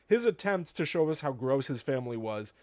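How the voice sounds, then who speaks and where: Man, 30s, podcast co-host, animated ranting, casual chat, dry close sound. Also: medium pitch, fairly quick, no echo. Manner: animated, ranting, mocking impressions.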